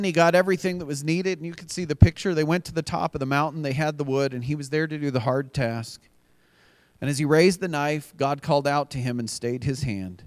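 A man's voice: fairly high pitch, no echo. A man preaching a sermon as pastor, earnest and building to emphatic repeated refrains. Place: church.

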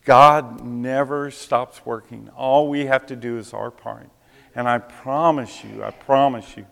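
A man's voice: medium pitch, smooth. A man preaching a sermon, telling a personal story and acting out the voices of people he quotes. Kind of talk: sermon testimony. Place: church sanctuary. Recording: long reverb of a hall.

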